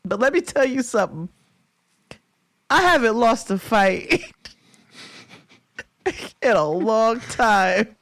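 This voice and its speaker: A woman co-hosting a podcast, spinning a long story in loose, animated chat. She laughs through her lines and swears freely. Her voice sits close and dry on the mic, with no room sound. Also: on the high side, slow, pauses often, no echo. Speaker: podcast co-host.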